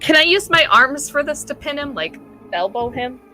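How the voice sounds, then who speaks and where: A woman playing a tabletop game, eager and quick to laugh, describing her moves. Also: sits high, animated, sharp tone, soft background music. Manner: giggly, eager. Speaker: player. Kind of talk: casual tabletop play.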